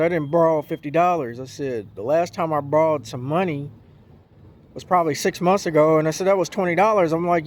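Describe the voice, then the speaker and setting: A fairly high-voiced man talks straight to his viewers in a casual opinion video. He tells his complaint with rising indignation and acts out both sides of a phone call as he goes. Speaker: vlogger.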